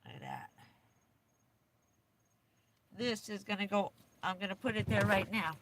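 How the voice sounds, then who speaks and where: A woman's voice: mid-range voice, wildly swooping pitch, measured pace, a bit bright, slight background noise. A woman livestreaming from inside her camper van, chatting casually and rambling along with lots of fillers and little laughs.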